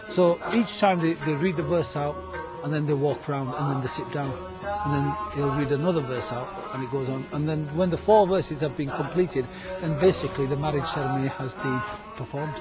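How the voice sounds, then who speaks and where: A middle-aged man with a Yorkshire accent, a storyteller speaking in an emphatic, animated way in a documentary interview, often repeating words as he goes. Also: on the high side, fairly quick. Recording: muffled TV audio with music behind.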